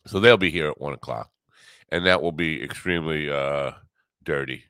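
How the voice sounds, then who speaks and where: Very deep-voiced man rambling wryly. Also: moderate pace, a bit bright, clear, resonant tone, no echo. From US Northeast. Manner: wry, meandering, dry teasing humor. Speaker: podcast host. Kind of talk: solo rambling morning chat.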